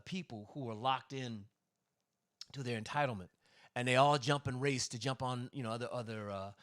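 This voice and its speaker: A man's voice: mid-range voice, a bit bright. A man, a comedian hosting a livestream, talking in a casual monologue that is emphatic, profane and rambling, with restarts.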